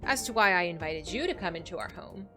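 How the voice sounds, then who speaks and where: A sly, menacing old woman gang boss, voiced by a woman reading game lines aloud. Her threats come silky and drawn out, her pitch rising and falling freely. Faint game music plays underneath. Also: lively intonation, a little fast, pushed and bright.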